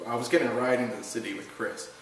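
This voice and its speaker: Animated Canadian man spinning yarns. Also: medium pitch, rapid-fire. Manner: animated storyteller, keeps tagging lines with "right?". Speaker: guest. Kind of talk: casual anecdote telling. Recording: echoey room, distant mic, faint noise.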